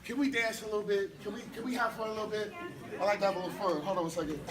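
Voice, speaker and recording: Loud brash Bay man, far off. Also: high voice, rapid-fire. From San Francisco, California. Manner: loud, brash and playful, swelling into shouted declarations. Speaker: spoken word poet. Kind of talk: slam poetry performance. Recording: far from the mic, noisy crowd.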